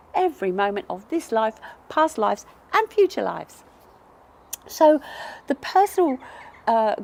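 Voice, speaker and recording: A woman's voice: on the high side, a little mellow. A woman vlogger telling a personal story in an earnest, reflective way, asking herself many questions. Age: adult parent. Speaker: numerology vlogger.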